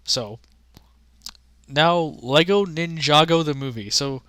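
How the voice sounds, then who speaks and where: A man giving casual, rambling commentary on games he has played, halting with many restarts and fillers and offering frank, offhand opinions. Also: a little high, sharp tone, clear, resonant tone, dry recording. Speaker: gaming content creator.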